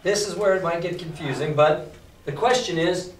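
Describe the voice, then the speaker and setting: A male teacher reading a novel aloud to a class and explaining it in a lively, emphatic way. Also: sits high, normal speed, slight background noise. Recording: echoey classroom from far off.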